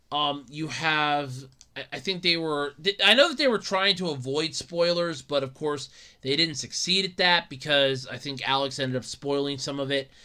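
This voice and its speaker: Bright-voiced rambling male podcaster. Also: a little high, clear, resonant tone. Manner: rambling, repeats himself, stammering restarts. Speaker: podcast host. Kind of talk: casual solo podcast rant.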